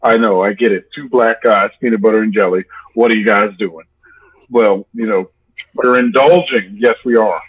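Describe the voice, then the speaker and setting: A husky-voiced man chats in a loose, playful way, rambling and tossing out joking nicknames. The sound is dull and lo-fi. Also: fairly low pitch, steady tone, normal speed. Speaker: musician guest. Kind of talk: casual interview chat.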